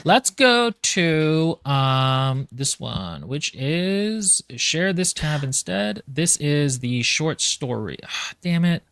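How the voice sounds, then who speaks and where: Bright-voiced man chatting on a livestream. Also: on the high side, sing-song, slow, gravelly, hardly any pauses, smooth, dry recording. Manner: rambling, reads comments aloud mid-talk. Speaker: podcast host. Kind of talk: casual livestream chat.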